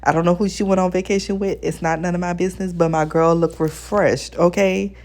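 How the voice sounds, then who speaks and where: A woman's voice: fairly low pitch, fairly even intonation, fairly quick, darkish tone. A woman giving blunt, exasperated casual commentary as a TV show reviewer, talking straight to her viewers. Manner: addresses viewers as besties.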